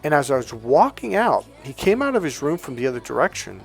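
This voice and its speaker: A man's voice: medium pitch, brisk, vocal fry. Chatty middle-aged guy coach telling stories, mid voice, bit of music under. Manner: chatty, retells dialogue with lively shifts, swears casually. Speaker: life coach. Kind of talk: casual storytelling monologue.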